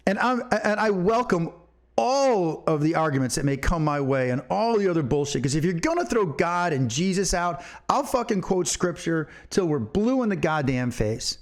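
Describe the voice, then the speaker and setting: A man's voice: sits high, big pitch swings, moderate pace. A middle-aged man and podcast co-host, talking in a fiery, profane and emphatic way. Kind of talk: impassioned opinion talk.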